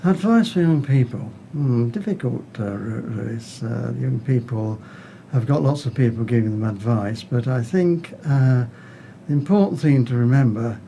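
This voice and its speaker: An older man chatting politely on a livestream, gently bemused, with old-fashioned turns of phrase. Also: mid-range voice, creaky, a little hiss or hum. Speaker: guest, the streamer's father. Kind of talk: casual chat on a charity livestream.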